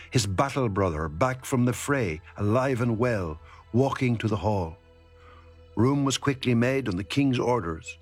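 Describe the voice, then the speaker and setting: Male narrator, mid-pitched and steady, epic verse read over faint music. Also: slightly rough.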